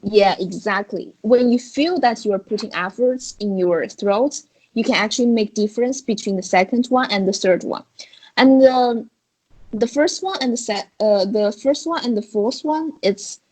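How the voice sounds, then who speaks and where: A woman's voice: medium pitch, measured pace, darkish tone, rough recording. A woman with a Chinese accent teaching a beginner Chinese tones in an online lesson, explaining patiently step by step. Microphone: video call.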